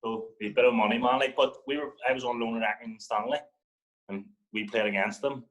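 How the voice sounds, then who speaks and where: Mid-range and fast, a young Northern Irish man tells a story as a football guest in a laid-back chat, though the recording is rough. He's lively, swears, and acts out the words of others.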